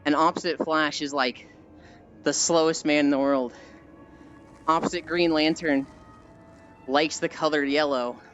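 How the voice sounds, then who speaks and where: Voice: mid-range voice, steady tone, measured pace, pauses often, a bit bright. A livestreamer chatting casually while walking, rambling through stories with many fillers and sighs. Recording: muffled stream audio with faint music. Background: faint music.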